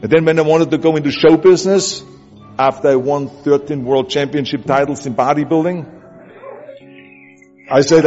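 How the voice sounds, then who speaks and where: A man's voice: fairly high pitch, steady tone, normal speed, pauses often, darkish tone. A man with a German accent giving an emphatic, repetitive motivational speech that urges the listener on. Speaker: motivational speaker. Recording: dull audio with long hall reverb. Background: music bed.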